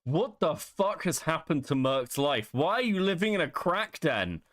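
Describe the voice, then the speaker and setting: A man's voice: a little high, very animated, moderate pace, fairly bright tone. A man hosting a podcast, commenting casually with wry laughs and offhand swearing. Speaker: host.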